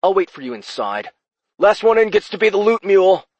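A man's voice: high voice, very animated, fairly quick, dry recording, voice pushed up. A man voicing an arrogant, impatient young male gamer who sneers at his teammates. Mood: dismissive. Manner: dismissive, bossy, sneering. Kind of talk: audiobook character voice.

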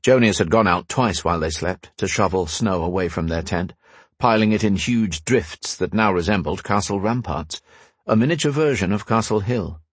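Husky low-voiced male narrator. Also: moderate pace, no echo. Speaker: audiobook narrator. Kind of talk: scripted narration.

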